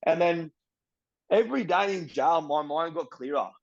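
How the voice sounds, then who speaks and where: A young Australian man telling his story as an interviewee, blunt and profane, full of street slang and animated retellings. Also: a little high, moderate pace, creaky, highs cut off. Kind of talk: casual storytelling.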